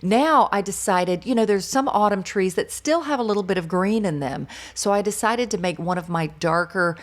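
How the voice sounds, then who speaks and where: A woman's voice: medium pitch, moderate pace. A middle-aged woman with a faded Southern US accent, from North Carolina, chatting enthusiastically through a real-time painting tutorial and thinking aloud as she works. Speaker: art instructor.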